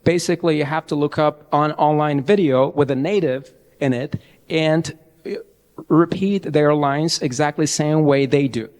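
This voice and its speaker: A young man giving a lively, chatty IELTS training talk to a live audience, often restarting his sentences. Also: a little high, normal speed. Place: large event hall. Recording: long hall reverb.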